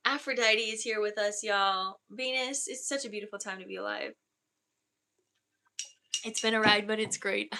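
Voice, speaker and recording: A woman energy healer, leading a soft, slow guided meditation and then chatting warmly and effusively with viewers on a livestream. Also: mid-range voice. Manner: effusive, affectionate chat with viewers. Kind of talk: guided energy healing and casual livestream chat.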